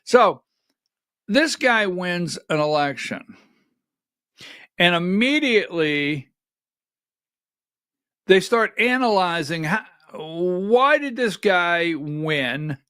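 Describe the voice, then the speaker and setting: A middle-aged man hosting a livestreamed political commentary show, talking in an animated, rhetorical way, often asking "right?" and rising to near-shouting when worked up. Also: sits high, drawn-out words, pauses often, clean tone, dry recording, clean studio sound. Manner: talks while fumbling with on-screen clips.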